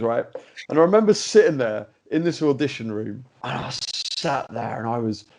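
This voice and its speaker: A man, hosting a podcast and telling an animated personal story in a casual chat. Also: medium pitch, gravelly. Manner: animated anecdote-telling, with many fillers and restarts. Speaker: podcast host.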